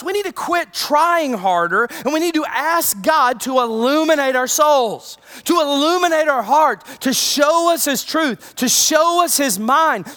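A preacher delivering a sermon in a conversational way, with asides and retold scripture. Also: sits high. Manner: conversational, animated, with many asides.

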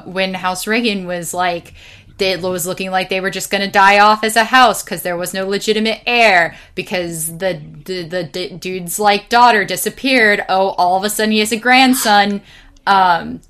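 A young woman talking casually, full of fillers, swearing freely and telling stories with lively energy. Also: medium pitch, clean tone. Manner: rambling, filler-heavy, swears freely, animated storyteller. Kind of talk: casual chat.

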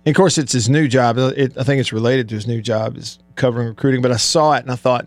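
A man's voice: mid-range voice, fairly even intonation, fast talker, hardly any pauses, no echo. A man hosting a country radio show, chatting casually and rambling with a co-host, often laughing. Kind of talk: casual on-air banter. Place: radio studio.

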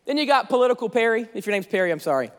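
A man in his thirties, a pastor, preaching an energetic sermon with lots of jokes in a large church. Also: very high-pitched, racing. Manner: energetic, joking. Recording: long hall reverb, faint music.

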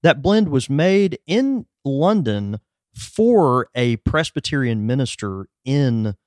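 A man's voice: medium pitch, very animated, slow, darkish tone, dry recording, studio quality. A man co-hosting a podcast, explaining at length in casual chat, with lots of fillers and hedges. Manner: rambling, hedging with fillers. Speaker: podcast co-host.

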